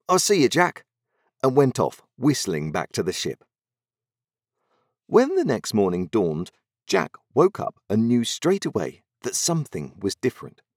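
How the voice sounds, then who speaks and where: Low-voiced, lively storyteller. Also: male voice, no echo, clean studio sound. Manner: expressive, dramatic storytelling. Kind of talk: read-aloud story narration.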